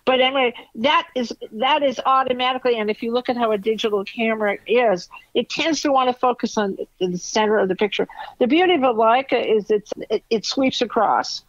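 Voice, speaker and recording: A woman's voice: a little high, fairly quick, dry recording, highs cut off. An older woman, a photo editor and teacher, telling stories in an interview in a blunt, candid way and laughing often. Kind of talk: interview storytelling.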